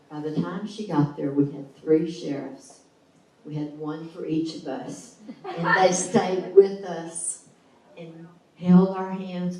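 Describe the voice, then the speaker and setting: A woman's voice: low-pitched, mellow. A middle-aged woman shares a personal testimony at a church gathering, voicing the people in her story with strong emotion. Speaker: guest speaker sharing a testimony. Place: church hall. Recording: echoey hall, mic at a distance.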